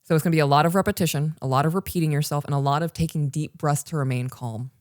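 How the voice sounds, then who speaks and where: Low-voiced woman, emphatic podcast host. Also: steady tone, racing, darkish tone, dry recording, clean studio sound. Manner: emphatic, talks straight to the listener. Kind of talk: casual parenting podcast talk. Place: recorded live for online patrons.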